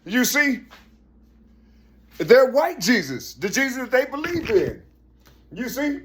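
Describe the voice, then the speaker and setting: A man's voice: very high voice, big pitch swings, slow, noisy background. A man in a rambling spoken monologue who keeps saying "you see", swears a lot and often raises his voice for emphasis. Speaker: vlogger.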